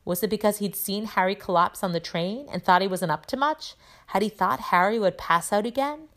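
A woman teacher reading a children's novel aloud, telling it in a lively way with voices for the characters. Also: medium pitch, brisk.

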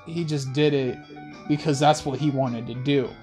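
A young man hosting a rambling late-night monologue in laid-back slang, with soft music playing behind him. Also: medium pitch, steady tone, normal speed. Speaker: host. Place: in a car.

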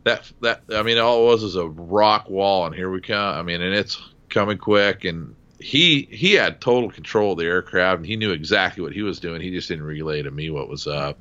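A very low-voiced man with a bright, forceful edge tells a war story in relaxed, salty conversation. The sound is a little dull and lo-fi. He punches up the quoted shouts from his story. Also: normal speed. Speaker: military aviation veteran, former door gunner.

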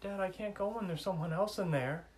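A man putting on a timid little boy's squeak. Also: brisk, a little mellow, a little hiss or hum, natural voice. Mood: boyish. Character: small nervous boy, four or five.

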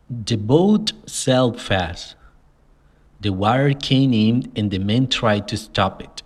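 A man reading a simplified adventure story aloud as the narrator, in a slow, measured way. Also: lowish voice, animated. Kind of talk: scripted audiobook narration.

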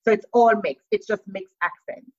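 A woman's voice: mid-range voice, normal speed, darkish tone. A woman from Jamaica with a mixed Jamaican and American accent, a podcast guest speaking emphatically and repeating her key phrases. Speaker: interview guest, entrepreneur. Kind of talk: motivational interview talk. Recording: dull lo-fi audio.

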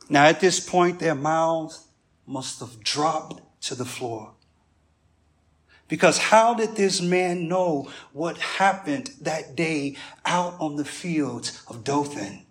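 A male pastor preaching a sermon, with animated storytelling and humorous asides. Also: fairly high pitch.

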